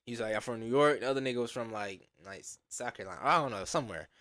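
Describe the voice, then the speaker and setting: A man's voice: medium pitch, quick pace, dry recording, studio quality. A young man from Atlanta, telling a casual slangy story and acting out the quotes. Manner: animated slangy storytelling with lots of acted-out quotes. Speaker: storyteller vlogger.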